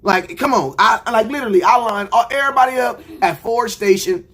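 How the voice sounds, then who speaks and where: A young man on a livestream, ranting about football in a loose, slangy way. His voice sits a touch high for a man. He keeps slipping into little acted-out conversations. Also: fairly quick. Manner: animated, slangy, acts out imagined conversations. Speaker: sports reaction streamer. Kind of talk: casual fan rant.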